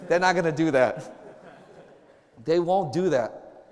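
A man with a high voice preaches to a group in a casual, joking way, acting out quick back-and-forth conversations. His voice rings with the long reverb of a large hall. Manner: chatty, joking, acts out little dialogues. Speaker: campus minister. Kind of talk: informal sermon to a group.

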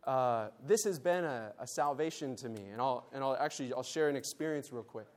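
A man with a mid-range, slightly mellow voice talks a little fast at a conference meeting. He gives a Bible lesson and leads the audience in call and response as a group exercise.

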